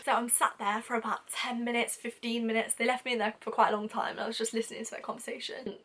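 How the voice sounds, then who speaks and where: Young British woman, higher voice; chatty, self-mocking storyteller for a vlog. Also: little pitch movement, a little fast, few pauses, fairly bright tone. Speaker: vlogger.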